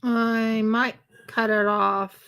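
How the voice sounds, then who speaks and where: A woman chatting on a craft live stream, unhurried and rambling with fillers. Her voice is gravelly with creak and sits a little high. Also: flat delivery, fairly bright tone. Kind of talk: casual chat while crafting on a live stream.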